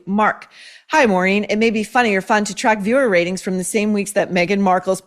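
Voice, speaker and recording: A woman's voice: mid-range voice, fairly bright tone. A woman hosting a show, reading viewer mail and advice letters aloud and reacting with blunt, sarcastic commentary full of swearing. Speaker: host.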